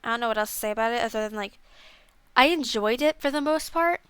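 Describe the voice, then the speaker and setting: Young female streamer, casual rambling review, clear voice, dry close mic. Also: a little high, fast talker, fairly bright tone, dry recording. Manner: rambling, self-deprecating, lots of fillers. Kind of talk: casual game review chat.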